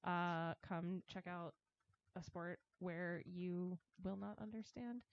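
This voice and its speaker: A woman's voice: on the low side, steady tone, highs cut off. Laughing young woman hosting a podcast. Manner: bubbly, quick, laughs often. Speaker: podcast host. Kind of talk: casual podcast chat.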